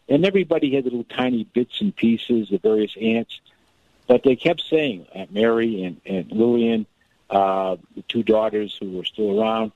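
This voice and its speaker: A man with a gravelly, creaky voice tells a family story as a guest on a radio interview. His pitch swings widely as he talks, stopping and restarting in quick bursts. The sound is dry and a little dull, like a lo-fi radio feed. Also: no echo. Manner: animated, restarts often, storyteller. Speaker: author and guest.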